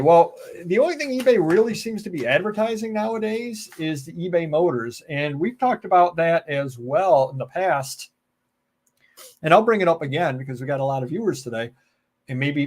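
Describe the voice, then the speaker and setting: An American man with a somewhat high-pitched voice hosts a live stream on his own. He talks in a loose, rambling way, cracking jokes and drifting into tangents, and stops often to read out and answer viewer comments. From United States. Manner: rambling, joking, goes off on tangents. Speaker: live show host. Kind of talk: casual live-stream chat.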